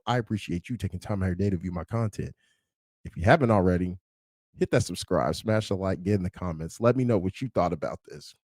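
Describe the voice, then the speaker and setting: A man from Kansas giving a casual, animated film commentary, swearing freely and acting out the lines he quotes. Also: lowish voice, dry recording. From Kansas, USA. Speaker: movie review YouTuber.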